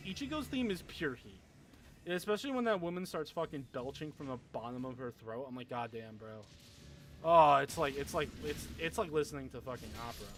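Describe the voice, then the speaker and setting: Young guy streaming games, kinda high voice, swears constantly and rambles at chat. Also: lively intonation, brisk, fairly bright tone, slight background noise. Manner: rambling, swears a lot, laughs often. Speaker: gaming livestreamer. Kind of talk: casual livestream chat with viewers.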